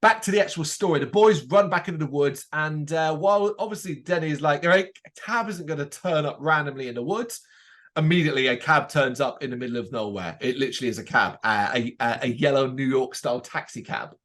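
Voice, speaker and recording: His voice is mid-range, and he moves at a quick pace with few pauses. As a podcast co-host, he gives a relaxed, animated rundown of a TV episode, dramatizing the quotes.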